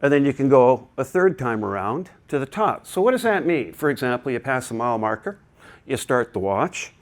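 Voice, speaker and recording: A man gives a technical talk at a conference, explaining things to the audience in a loose, chatty way. He wanders off into digressions and joking asides. His voice sits at an ordinary middle pitch. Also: big pitch swings, moderate pace. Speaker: conference presenter. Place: conference hall.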